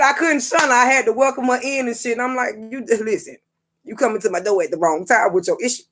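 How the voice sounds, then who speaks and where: Profane, animated storytelling woman. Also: a little high, fast. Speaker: psychic reader and vlogger. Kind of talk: casual storytelling vlog.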